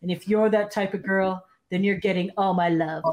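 A woman playing a low, smooth-talking male crooner. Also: fairly even intonation, moderate pace, a little mellow, close to an everyday voice. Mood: crooning. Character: smooth-talking adult male pop singer.

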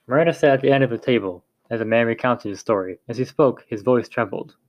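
Brief: male narrator reading a story, plain and steady, stumbles now and then, dry muffled recording. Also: mid-range voice, fast talker, no echo. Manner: plain reading with small slips and restarts. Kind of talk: reading a novel aloud.

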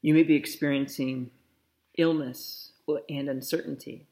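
A man preaching a sermon in a slow, reflective way, softly repeating a blessing. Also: medium pitch, fairly even intonation, a little hiss or hum. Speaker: pastor.

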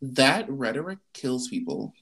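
Male co-host, casual opinion talk; blunt, emphatic, repeats lines for punch, very animated pitch. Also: measured pace, creaky, breathy edge.

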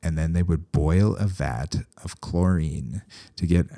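A man talks in a casual, rambling way, with a voice at the very bottom of the range and a gravelly rasp. His tone is dark and mellow, and the recording is dry. He drops dry, sarcastic asides as he goes. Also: sits low, measured pace, no echo. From Canada. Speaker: veterinarian. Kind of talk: casual podcast talk.

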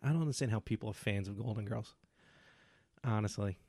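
A man's voice: fairly low pitch, fairly quick, dark tone, no room sound. A man co-hosting a podcast in casual chat, reacting with short interjections and teasing banter. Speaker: podcast co-host.

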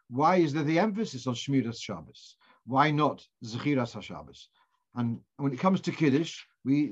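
A man teaching a Torah class in an informal lecture, thinking aloud, posing questions and often restarting his phrases. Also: a little high. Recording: dull lo-fi recording.

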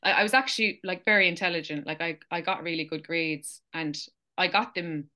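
A young woman with an Irish accent telling her life story in a casual interview, animated and chatty, with plenty of fillers and laughs. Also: fairly low pitch, fairly quick, dull audio. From Ireland. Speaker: interview guest.

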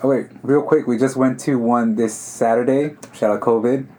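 A young man co-hosting a relaxed podcast, joking and teasing his friend. His voice is mellow and dark, sitting in a middle pitch. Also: moderate pace, a little hiss or hum. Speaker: podcast co-host. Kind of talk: casual chat.

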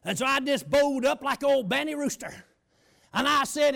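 A man preaching a storytelling sermon, shouting and slowing down for emphasis. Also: very high voice, vocal fry.

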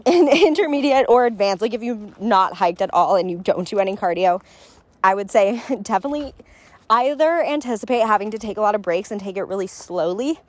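A young woman chatting casually in a travel vlog, full of "like" and quick laughs, recorded on a phone. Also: mid-range voice, lively intonation, a little mellow, no room sound. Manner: chatty, laughs often, lots of "like". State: out of breath. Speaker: travel vlogger. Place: outdoors on a hiking trail.

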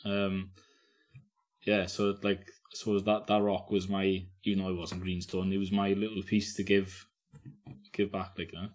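Man, low-ish voice, podcast guest, rambling, casual chat. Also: flat delivery, normal speed, a little mellow. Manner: rambling storyteller, mumbles and restarts, laughs a lot.

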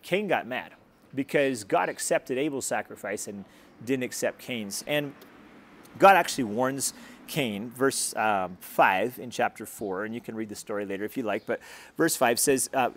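A man's voice: medium pitch, fairly quick. A man preaching as a pastor in a conversational, earnest way, retelling a scripture story and leading a prayer. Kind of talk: sermon and prayer.

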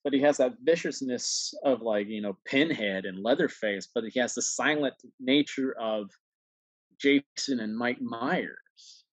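Animated storytelling man, dry sound. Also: medium pitch, a little slow, no room sound, rough recording. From New York. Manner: animated storyteller, acts out voices. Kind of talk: casual chat.

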